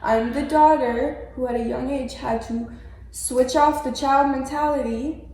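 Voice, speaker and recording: A seventeen-year-old girl telling her story to an interviewer in an earnest, halting way, often restarting her sentences. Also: sits high, steady tone, warm tone. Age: teens. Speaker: interview guest. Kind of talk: candid personal interview. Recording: very echoey room with faint background noise.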